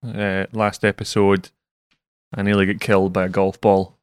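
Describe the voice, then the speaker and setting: A man hosting a casual podcast chat, steering the talk in a relaxed, chatty way. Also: lowish voice, normal speed, smooth, no echo, studio quality. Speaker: podcast host.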